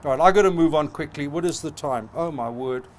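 A middle-aged man preaches with passion, stacking phrase on phrase for emphasis. His voice sits a little high for a man. A faint hum of ambience lies under the recording. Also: brisk. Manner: passionate, emphatic with rising repetitions. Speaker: pastor. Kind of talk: sermon.

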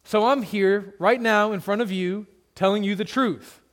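Conversational, higher-voiced male pastor preaching. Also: measured pace, fairly bright tone. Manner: conversational preaching with humorous asides; repeats points for emphasis. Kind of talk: expository sermon.

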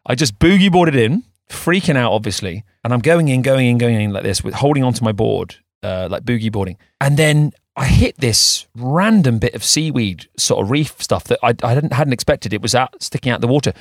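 A man's voice: medium pitch, animated, a little fast, hardly any pauses, dry recording. Male co-host, casual rambling storyteller, dry close-mic sound. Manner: rambling storyteller with many restarts. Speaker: podcast co-host. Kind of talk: casual chat.

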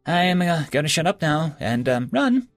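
A man's voice: a little high, big pitch swings, moderate pace, dry recording, studio quality, soft background music, pitched above the performer's own voice. A man voicing a vain, dramatic young woman mage with a whiny manner. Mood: meek. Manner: whiny, self-important.

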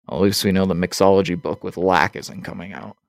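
Male podcast host, lowish voice, dry close sound, casual and profane, laughs a lot. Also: fairly even intonation, quick pace, gravelly, no room sound. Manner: loose and profane, laughs often. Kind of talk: casual chat.

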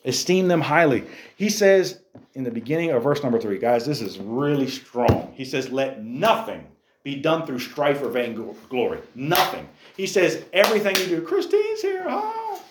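A man preaching a sermon as a youth pastor, animated, firing rhetorical questions at a youth group. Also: mid-range voice, moderate pace, reverberant, noisy background.

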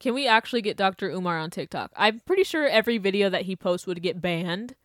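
A woman's voice: medium pitch, expressive, quick pace, no room sound, studio quality. A young woman hosting her own show, ranting casually and sarcastically, laughing often and breaking into exaggerated outbursts. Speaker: podcast host. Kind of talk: casual opinion rant.

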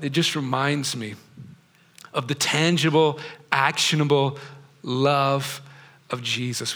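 Speaking in a mid-range, fairly bright voice, a middle-aged man delivers a sermon to his congregation in a theater that serves as a church. He's chatty, pulling listeners in by asking them questions.

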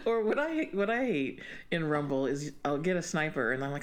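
A woman's voice: big pitch swings, a little fast. Chatty woman who laughs a lot. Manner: chatty, laughs often, acts out her own outbursts in high squeals. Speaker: podcast co-host. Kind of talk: casual chat.

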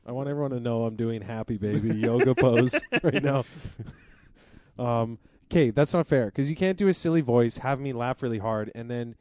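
A man's voice: medium pitch, normal speed, a little mellow, no echo, clean studio sound. A man co-hosting a podcast in casual comedic chat, rambling, swearing and laughing easily. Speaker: podcast co-host.

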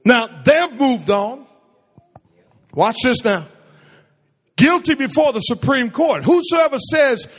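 A man's voice: very high voice, big pitch swings, slow pace, long pauses, big-room sound. A man preaching a sermon to a congregation, firing questions at them and drawing call-and-response replies. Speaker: pastor.

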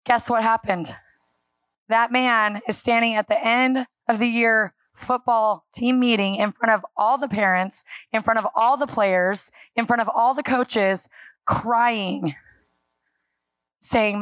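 A woman preaching a sermon to a church congregation, telling stories with animated acted-out dialogue. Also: a little high, unhurried, dry recording. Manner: animated storytelling, acting out dialogue and laughing.

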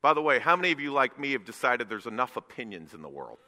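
A man preaching a sermon in a church, emphatic and rising to loud bursts. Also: medium pitch, very animated, quick pace, long reverb tail. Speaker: guest preacher. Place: church sanctuary.

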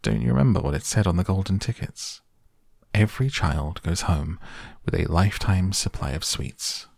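A man's voice: low-pitched, moderate pace, gravelly, a little mellow, no echo, studio quality. A man voicing an eccentric, cheerful male chocolate maker in a breezy, offhand way.

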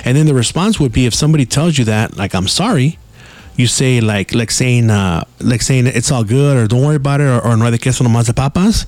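A man spins a loose, casual story for his podcast. He swears freely and drops Spanish slang into his sentences. His voice sits at an ordinary middle pitch. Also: brisk, darkish tone, no room sound. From Mexican-American. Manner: profane, slangy, mixes in Spanish words. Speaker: podcast host.

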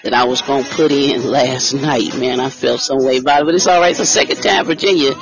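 On a casual live stream, a male host greets viewers by name and reads out lottery numbers as his picks. He talks a little fast in a steady, mid-range voice; the stream audio is dull and lo-fi, with faint music behind him.

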